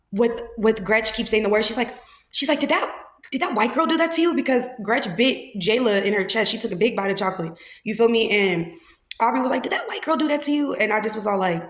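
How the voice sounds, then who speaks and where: Woman with aave ranting fast about a reality show, pretty high voice, echoey room. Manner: blunt, profane, heated ranting. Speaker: podcast host reacting to a reality show. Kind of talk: casual reaction commentary.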